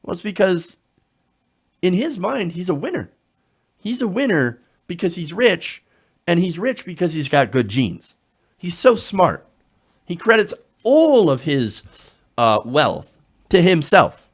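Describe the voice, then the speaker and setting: A man delivering opinionated political commentary in a sarcastic, animated way. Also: sits high, unhurried, pauses often, slightly rough. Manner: sarcastic, animated, drops into mocking quotes.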